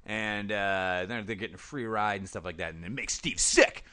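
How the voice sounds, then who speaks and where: A man's voice: on the low side, moderate pace, pushed and bright, clean tone, dry recording. A man casually recapping a TV episode for a podcast, acting out characters' lines and laughing often. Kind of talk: casual comedic recap chat.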